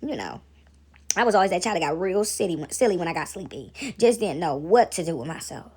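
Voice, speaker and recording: A woman's voice: lowish voice, lively intonation, fairly quick, a little mellow, breathy edge. A woman vlogger in a casual faith chat, rambling and preachy, talking straight to her viewers.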